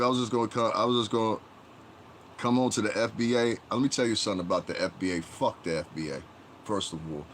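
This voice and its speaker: Deep-voiced, blunt ranting man. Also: a bit bright, slight background noise. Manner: blunt, profane and rambling, with many fillers. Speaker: livestream host talking to his chat. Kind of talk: casual livestream rant.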